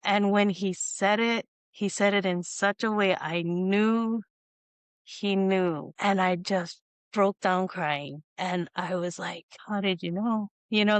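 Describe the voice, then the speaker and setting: A woman hosting a podcast, telling a personal story in a casual, animated way and acting out the dialogue. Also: mid-range voice, smooth, no room sound. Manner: animated, acts out quoted dialogue with lots of "you know". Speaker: podcast host.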